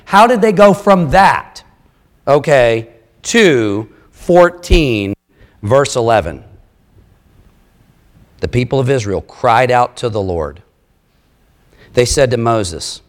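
A man preaching a sermon, reading scripture and explaining it with lively, conversational asides. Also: a little high, unhurried. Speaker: pastor.

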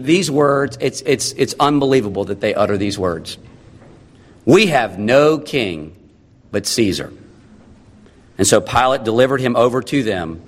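A man's voice: on the high side, fairly bright tone, big-room sound. A man preaching a sermon, emphatic and full of rhetorical questions. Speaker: pastor.

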